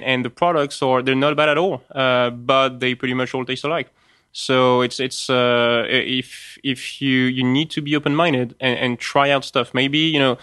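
A man with a French accent, a spirits importer speaking as an interview guest, halting and full of restarts and fillers. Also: medium pitch, fairly bright tone, dry recording, clean studio sound. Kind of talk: conversational interview.

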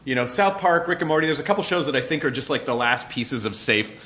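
Man, bright sharp tone, relaxed host, swears freely. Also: medium pitch, quick pace. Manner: loose, profane, shouts when mimicking. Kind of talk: casual interview chat.

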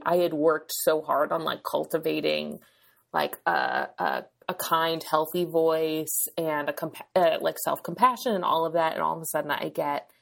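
A woman in her thirties, a guest on a podcast, talking in a halting, reflective way with many fillers. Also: low voice, vocal fry. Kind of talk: casual conversation.

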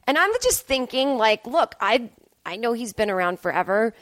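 A woman's voice: fairly high pitch, moderate pace, dry recording. A woman comedian hosting her podcast, telling a rambling, self-deprecating story and acting out her own lines. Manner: rambling, self-deprecating, animated quoting of herself. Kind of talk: casual storytelling monologue.

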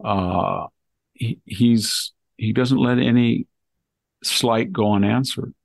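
A man's voice: mid-range voice, takes it slowly, creaky, no echo. An older man hosting a casual political talk, often acting out quotes in mimicking voices. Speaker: podcast host.

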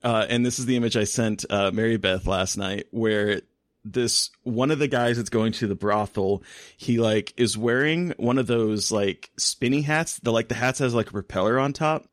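An animated man chatting on a podcast, laughing his way through a story as he talks. His voice sits at an ordinary middle pitch and is recorded very dry and close, with no room sound around it. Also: moderate pace, no room sound. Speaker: podcast co-host. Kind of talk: casual chat.

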